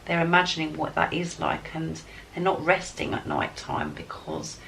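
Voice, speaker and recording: An enthusiastic woman reads tarot cards and gives spiritual guidance, talking straight to her viewers with a lot of excitement. Her voice sits on the low side and has a gravelly edge. The mic is some way off, and faint noise hums underneath her. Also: moderate pace, far from the mic, low-quality recording. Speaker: tarot card reader. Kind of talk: spiritual guidance reading to camera.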